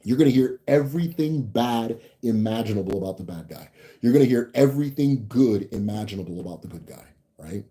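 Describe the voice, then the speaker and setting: Reading out viewer comments, a young host from the United States rambles casually on his livestream, restarting sentences and laughing along the way. His mid-range voice is mellow and expressive, and he talks a little fast.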